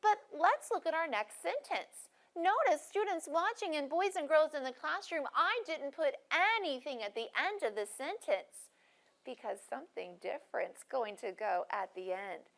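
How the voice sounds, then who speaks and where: A woman teaching a first grade class, speaking clearly and encouragingly to students watching on video. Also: sits high, expressive. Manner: clear, encouraging, deliberately paced teacher talk.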